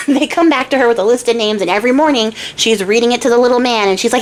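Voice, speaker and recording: A woman's voice: on the high side, racing, few pauses, slight background noise. A young woman hosting a craft channel, retelling a fairy tale in a chatty, playful, slangy way.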